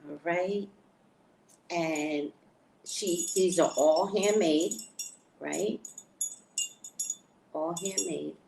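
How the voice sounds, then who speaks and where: A woman's voice: fairly low pitch, drawn-out words, vocal fry, long pauses, slight background noise. Chatty woman showing finds to camera. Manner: chatty, excitable, shows items to camera. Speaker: spiritual reader and vlogger. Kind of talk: casual live chat to viewers.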